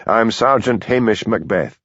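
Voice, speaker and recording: A man voicing a calm, stubborn police sergeant with a Scottish Highland accent who questions people quietly and persistently. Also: moderate pace, no room sound, muffled recording. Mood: questioning.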